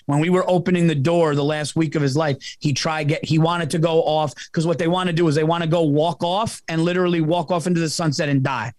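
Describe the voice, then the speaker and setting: A man guest on a podcast, telling a long story in a casual, profane, animated way and often calling the listener "dude". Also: fairly high pitch, no echo.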